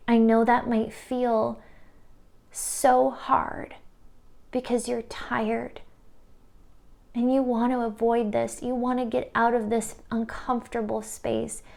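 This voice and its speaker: A woman gives an intuitive tarot reading at an unhurried pace. Her voice has a gravelly, creaky edge, and her tone is soft and earnest, with frequent "like" fillers. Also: on the high side. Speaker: tarot reader. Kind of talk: intuitive pick-a-card reading.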